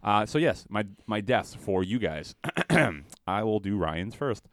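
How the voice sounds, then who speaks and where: A man's voice: on the low side, lively intonation, slow, a bit bright, dry recording. A man hosting a comedy podcast, chatting casually and rambling through fillers. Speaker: podcast host.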